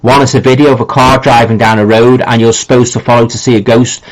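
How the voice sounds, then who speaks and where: A man's voice: medium pitch, little pitch movement, quick pace, low-quality recording. A middle-aged man with a Liverpool accent hosting a live stream, chatting casually and reading out viewer comments, rambling with lots of ums and restarts. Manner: easygoing and informal, with colloquial phrasing.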